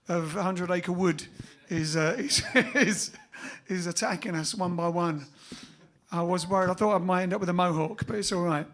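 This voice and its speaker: Playful man hosting, high voice. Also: a bit bright. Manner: playful, joking, chatty asides. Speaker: band leader hosting a livestream show. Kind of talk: casual livestream chat. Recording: band music clearly behind the voice.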